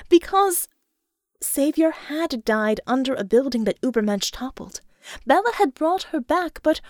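A woman narrating an audiobook in an expressive, measured storytelling manner. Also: high-pitched, dry recording, clean studio sound.

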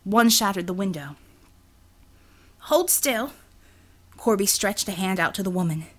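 Woman, audiobook narrator, steady expressive reading, mid pitch. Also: fairly quick. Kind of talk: scripted narration.

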